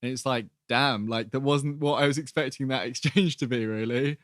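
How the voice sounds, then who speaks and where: A man's voice: mid-range voice, moderate pace, a bit bright, dry recording. Man recapping a show, dry sound. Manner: rambling, acts out quotes with laughs. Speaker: podcast co-host. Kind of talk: casual recap chat.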